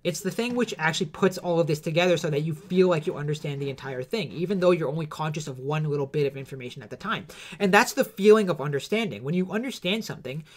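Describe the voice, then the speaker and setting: A man's voice: fairly high pitch, fast. A man giving an unscripted explanatory lecture, hesitant, with many fillers and self-corrections, and a cough.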